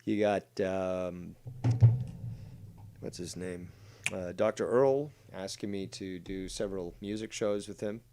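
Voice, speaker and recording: A man hosting a livestream with a slightly low voice. He talks bluntly and swears freely. He reads chat comments aloud in an offhand way. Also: steady tone, slow pace, darkish tone, soft background music. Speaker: host.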